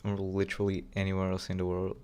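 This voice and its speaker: A man streaming flight simulator gameplay, excitably commenting on his flying and talking to chat. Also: low voice, fast, smooth, rough recording.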